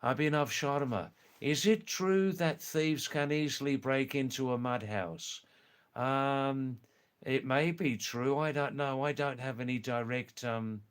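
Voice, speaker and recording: A man chats on his live stream, answering viewers' comments in an unhurried, reflective way. He hesitates often and fills gaps with "um" and "uh". His voice sits at an everyday middle pitch. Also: smooth. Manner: slow, thoughtful and hesitant, with many pauses and fillers.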